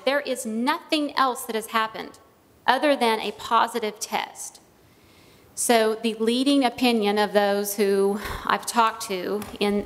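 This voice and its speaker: Witness, female, measured and cautious, long room reverb. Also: a little high. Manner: careful, measured, hedging. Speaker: witness giving testimony. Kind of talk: hearing testimony. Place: legislative hearing room.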